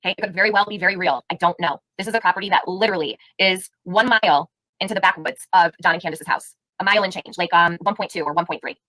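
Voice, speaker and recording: A woman's voice: fairly low pitch, fast talker, pushed and bright, dry recording, low-quality recording. A woman hosting a live stream, giving heated, indignant commentary and firing rhetorical questions at her chat. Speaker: livestream host.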